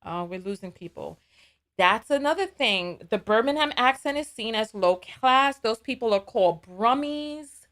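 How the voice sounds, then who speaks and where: Animated woman hosting a live call-in. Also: a little high, normal speed. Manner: conversational, digressive, animated. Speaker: call-in show host.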